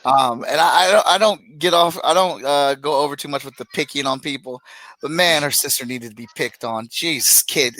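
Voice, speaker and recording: A man talks bluntly and jokingly as a podcast co-host, and his voice jumps up when he gets worked up. His voice is bright and forceful. The sound is dry and close. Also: on the high side, dry recording, poor audio. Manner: animated, blunt, jokey. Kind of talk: casual chat.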